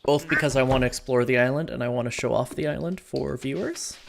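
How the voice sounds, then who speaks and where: A woman hosting a stream, chatting casually about a game and pausing often with ums and uhs. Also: a bass voice, vocal fry, crowd noise. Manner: hesitant, filler-heavy, storytelling. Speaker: streamer host. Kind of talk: casual gameplay chat. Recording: noisy stream audio.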